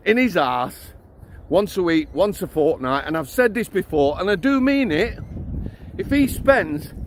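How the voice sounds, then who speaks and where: A middle-aged man, a former prison officer giving a blunt, ranting vlog while out walking his dog. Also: high voice. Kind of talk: outdoor walking vlog rant.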